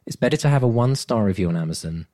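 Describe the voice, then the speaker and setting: A man's voice: lowish voice, lively intonation, rapid-fire, mellow. A man co-hosting a podcast as a coach, talking in an earnest, motivational way and laughing often. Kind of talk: casual chat.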